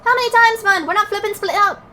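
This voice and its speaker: A woman voicing a pair of bickering male fairy comedians in a game, with a put-on Welsh accent, loud and indignant. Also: extremely high pitch, fast talker, a little hiss or hum, voice pushed up.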